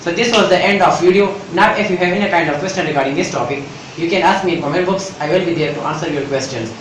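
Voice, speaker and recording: A man's voice: a little high, fast talker. A Pakistani man teaching English grammar, switching into Urdu and repeating each point with "right?" and "you know". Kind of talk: bilingual grammar lesson. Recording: echoey room, mic far off, faint noise.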